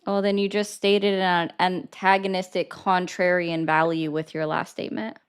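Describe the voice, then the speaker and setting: A woman's voice: on the low side, level tone, moderate pace, clear, resonant tone. A young woman hosting a political call-in debate, blunt and emphatic as she argues her points. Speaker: host.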